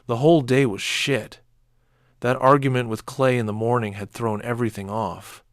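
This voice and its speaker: A man narrating a first-person horror story in a measured, dark way. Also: medium pitch, steady tone, no room sound, clean studio sound.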